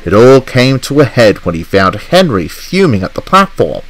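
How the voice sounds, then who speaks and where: Animated male storybook narrator. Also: mid-range voice, normal speed, few pauses, a little hiss or hum. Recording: music playing behind.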